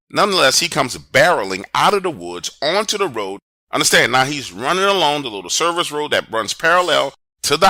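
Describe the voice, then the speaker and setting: Storyteller: man with a very bright, sharp voice, animated and conversational, dramatic pauses, dry sound. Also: mid-range voice, no room sound. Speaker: horror storyteller. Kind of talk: first-person storytelling.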